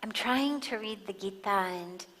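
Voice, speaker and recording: A woman giving a spiritual talk, calm and measured, pausing for emphasis as she tells a story. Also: medium pitch. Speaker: spiritual teacher. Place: large satsang hall. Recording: long hall reverb.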